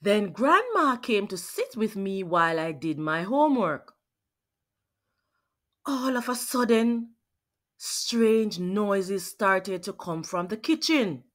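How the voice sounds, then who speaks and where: A woman reading a picture book aloud to children, asking her young listeners questions as she goes. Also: mid-range voice. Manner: slow, expressive, asks questions of listeners. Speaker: children's read-aloud host.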